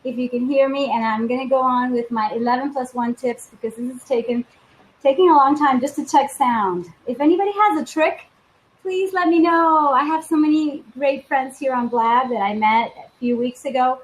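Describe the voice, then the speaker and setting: Woman, from Venezuela, high voice, emotional, tearful, live-stream talk. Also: fairly even intonation, normal speed, poor audio. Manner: emotional, open and heartfelt, with warm laughter. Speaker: fitness vlogger.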